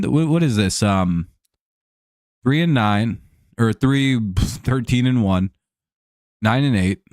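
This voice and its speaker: The recording has no room sound and a clean studio quality. A young streamer with a fairly low voice hosts a sports chat show, rambling and swearing with plenty of fillers and restarts as he replies to viewers by name.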